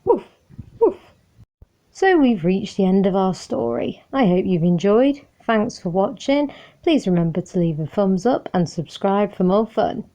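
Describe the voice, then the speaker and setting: A woman reading a children's storybook aloud in a calm, measured and friendly way. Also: mid-range voice. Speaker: storybook reader. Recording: muffled lo-fi recording.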